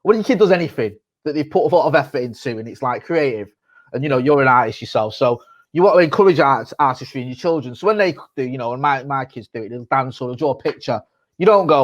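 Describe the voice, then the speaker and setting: A man in his thirties talks on a podcast in a mid-range voice. He swears freely and rambles, with lively bursts of storytelling. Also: mid-range voice, fairly quick. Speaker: podcast co-host. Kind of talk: casual chat.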